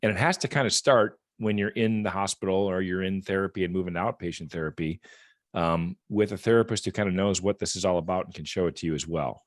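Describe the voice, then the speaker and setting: With a deep voice and a fast delivery, a man from a rehab equipment company speaks as a guest at a support group meeting. His storytelling is earnest and conversational, with frequent word repetition, recorded in a clean studio free of echo.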